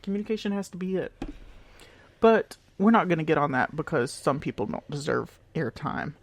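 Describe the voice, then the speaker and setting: A young man co-hosting a podcast in casual chat, expressive and given to loud laughs. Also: a little high, normal speed, dry recording. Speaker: podcast co-host.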